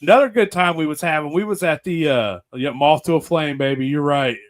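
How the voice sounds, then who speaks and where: A man's voice: on the high side, fairly quick. A man from Pennsylvania hosting a podcast, telling profane stories in casual chat and acting out the voices of people he quotes. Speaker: podcast host.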